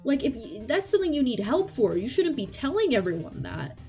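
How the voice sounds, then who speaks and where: A woman's voice: sits high, sing-song, a little fast, darkish tone. A woman talking casually and bluntly, swearing and rambling with restarts, on a chat stream. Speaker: vtuber co-host. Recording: faint background music.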